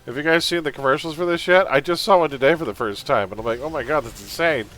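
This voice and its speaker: A man's voice: a little high, animated, fast talker, fairly bright tone. A man from Canada with a mild Canadian accent, chatting casually as he streams a game and reads its text aloud. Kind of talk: casual live-stream commentary.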